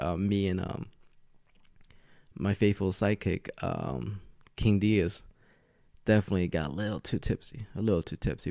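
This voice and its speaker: A man's voice: lowish voice, vocal fry, a little mellow, no room sound, studio quality. A man hosting a podcast alone at home, a bit tipsy from tequila, chatting in a loose, rambling way and laughing often. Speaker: podcast host. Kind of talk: casual solo podcast chat. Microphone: podcast mic with camera setup.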